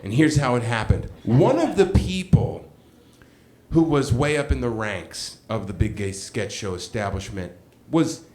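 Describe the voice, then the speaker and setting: Here the same sort of stage storyteller, a middle-aged man, has a medium-pitched voice and a slightly slow delivery. His funny personal tale is lively and self-deprecating, and he performs the quoted voices of the other people involved.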